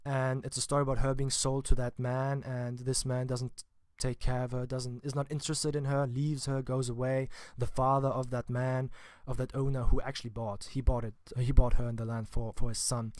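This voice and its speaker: A man's voice: medium pitch, darkish tone, dry recording, clean studio sound. A man giving a casual spoken film review, chatty and informal with wry asides. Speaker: film vlogger.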